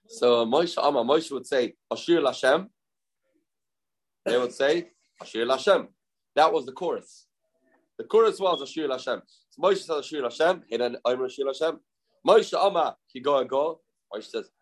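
A man gives a Talmud class at a middle pitch. His voice swings up and down as he chants verses in a sing-song, then drops back to explaining. He keeps firing questions at his listeners and answering them himself. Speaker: Talmud teacher. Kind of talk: Talmud lecture.

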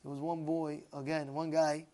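A man, a rabbi, preaching a sermon through a parable, telling it in an animated way and often adding "you know". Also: on the high side, normal speed. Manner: animated storyteller, acting out every character.

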